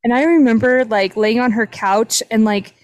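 A woman's voice: fairly high pitch, normal speed, darkish tone, no echo, rough recording. A young woman hosting a casual podcast, retelling a paranormal investigation with lots of fillers. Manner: chatty, retelling a paranormal story with many "like" fillers. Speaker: podcast host. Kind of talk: casual storytelling chat.

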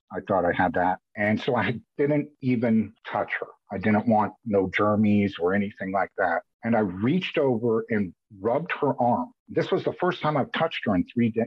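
A man with a fairly low, husky voice speaks as a guest on a podcast, candidly and emotionally retelling events with many restarts. It's candid conversational storytelling, recorded as dull lo-fi audio with no echo.

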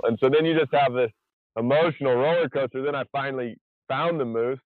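He talks fast in a medium-pitched voice, a podcast guest and former survival show contestant going back over events in a casual chat full of restarts and rambling. There's no room sound, but the audio is tinny like a phone.

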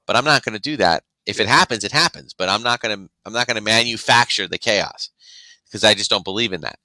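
Man, podcast co-host, casual chat, bright tense voice, rambling with restarts, dry close sound. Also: fairly low pitch, quick pace, no echo, poor audio. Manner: rambling, restarts often, acts out quoted reactions.

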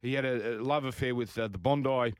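A man's voice: medium pitch, fairly quick, clean tone, no room sound. A man with an Australian accent hosting a sports talk show, opinionated and ranting in casual banter. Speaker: radio sports show host.

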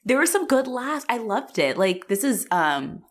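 A woman co-hosting a casual podcast chat, animated and laughing often, with lots of fillers. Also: a little high, measured pace. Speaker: podcast co-host.

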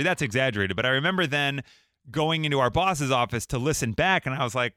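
A man's voice: mid-range voice, lively intonation, fast, bright, forceful tone, clean tone, no echo. A man hosting a morning radio after-show podcast, chatting casually and laughing often in a studio. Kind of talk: casual chat.

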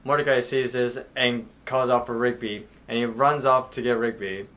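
Casting: young male podcast co-host, steady and plain narrator. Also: mid-range voice, normal speed. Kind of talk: casual chat.

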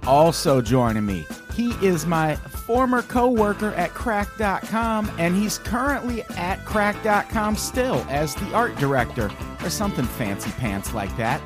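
A man's voice: high voice, sing-song, measured pace, hardly any pauses, over music. A man hosting his own podcast, reading plugs wryly and introducing guests in casual banter. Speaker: podcast host.

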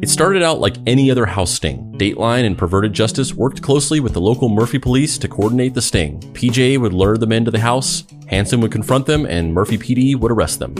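A man hosting a podcast who gives wry, deliberate commentary and then reads scripted narration. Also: mid-range voice, lively intonation, over music.

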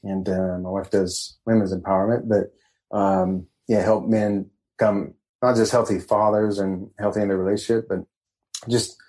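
A man guesting on a casual podcast, talking as a coach in a meandering, halting way. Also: on the low side, level tone, a little mellow, poor audio. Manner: meandering, halting, laid-back. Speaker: guest, men's empowerment coach.

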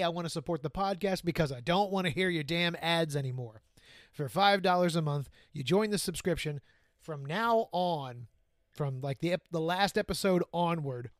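A man's voice: on the high side, dry recording, clean studio sound. A man co-hosting a casual podcast, joking and teasing, swearing freely. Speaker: podcast co-host. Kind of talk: casual chat.

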